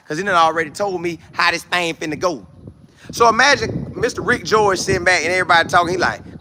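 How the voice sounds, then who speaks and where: A man's voice: sits high, brisk, a crowd in the background. A man hosting a casual livestream, talking animatedly and reading out chat messages. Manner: animated, reads and answers chat. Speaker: livestream host.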